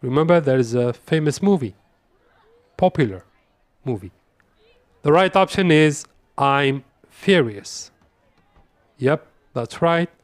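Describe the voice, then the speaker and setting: A man hosting an English lesson as a quiz, saying each example phrase slowly and deliberately and repeating it. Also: fairly high pitch, animated, no echo. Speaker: English teacher. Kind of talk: quiz-style language lesson.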